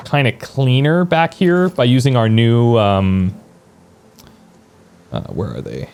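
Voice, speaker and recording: A man's voice: mid-range voice, lively intonation, slow pace, gravelly, pauses often, a little mellow, clean tone. A man streaming a video game, chatting casually and thinking aloud as he plans, now and then answering viewers. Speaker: let's play streamer. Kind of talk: casual gameplay commentary.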